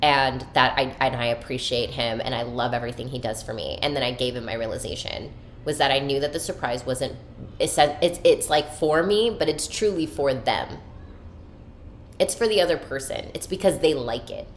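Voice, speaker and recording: A woman's voice: extremely low pitch, normal speed, slight background noise. A woman hosting a podcast, talking candidly and emotionally about her inner life, swearing freely and using spiritual self-help language. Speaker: podcast host. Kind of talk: candid personal monologue.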